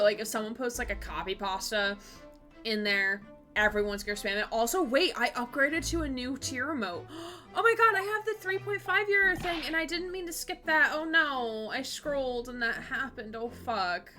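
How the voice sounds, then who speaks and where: Bright, giggly woman streamer chatting. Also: on the high side. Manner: giggly, chatty, quick asides to chat. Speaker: Twitch streamer playing a game with a voice partner. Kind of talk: casual live-stream chat.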